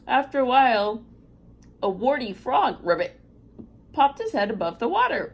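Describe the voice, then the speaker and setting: A woman's voice: a little high, big pitch swings, normal speed, long pauses. A woman reading fairy tales aloud to viewers, breaking off for chatty asides and reactions. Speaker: storyteller.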